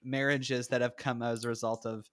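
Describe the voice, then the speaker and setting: A man's voice: medium pitch, little pitch movement, normal speed, a bit bright. A man co-hosting a casual podcast over a video call, upbeat and playful. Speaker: podcast co-host. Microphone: remote call mic.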